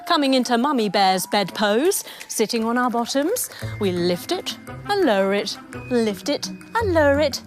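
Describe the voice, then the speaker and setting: A woman in her thirties leading a children's yoga lesson as a told story, animated and soothing with a sing-song delivery. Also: mid-range voice, measured pace, soft background music. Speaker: kids yoga instructor.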